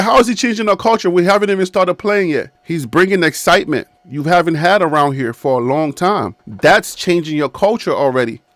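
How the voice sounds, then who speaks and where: Man, 50s, sports commentator, high voice, emphatic, repetitive, talks straight to the team, dry studio sound. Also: fairly bright tone, dry recording. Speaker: sports video host. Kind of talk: casual sports commentary to camera. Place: his own studio, seated.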